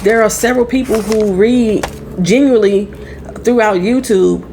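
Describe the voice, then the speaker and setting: A young adult woman from St. Louis, now living in Florida, with a Midwestern accent gone a bit country, talking loud and blunt in a casual tarot vlog, swearing freely. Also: medium pitch, normal speed, slight background noise. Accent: Southern-tinged Midwestern American. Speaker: tarot reader.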